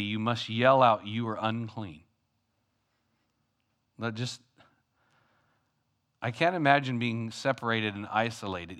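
A man preaching a sermon as pastor, animated, moving between loud calls and quiet asides. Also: mid-range voice.

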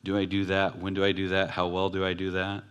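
A man's voice: low voice, completely flat delivery, brisk, clear, resonant tone. A male pastor preaching a sermon in a conversational, self-deprecating storytelling way.

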